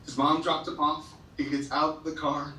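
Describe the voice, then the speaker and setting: A man's voice: on the high side, level tone, normal speed, pushed and bright, a little hiss or hum. A man giving an earnest, heartfelt motivational speech to a school assembly, sometimes stumbling and repeating himself when moved. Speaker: motivational speaker. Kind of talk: emotional storytelling speech to students. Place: large school hall or gym. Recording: echoey school hall from far off.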